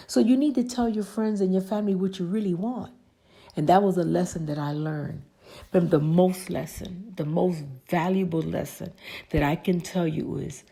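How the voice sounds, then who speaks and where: A woman hosts her own podcast, talking earnestly about faith and getting through hard times. Her voice is gravelly, with a dark, mellow tone. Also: fairly low pitch. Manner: earnest, testimonial, leans on religious phrases. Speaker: podcast host. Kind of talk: faith-based personal talk.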